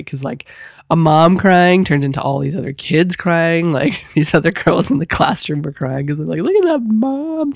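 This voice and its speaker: Woman host, 30s, casual chatty monologue, laughs a lot, dry close sound. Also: no echo. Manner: animated, laughing, swoops into high squeals. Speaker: podcast host.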